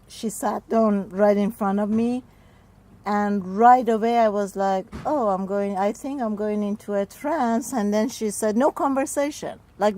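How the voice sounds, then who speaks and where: Woman healer, expressive storyteller, mid-range voice. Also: mid-range voice, rough recording. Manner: expressive, acts out quoted speech, frequent "like". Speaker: spiritual healer guest. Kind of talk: personal storytelling in an interview.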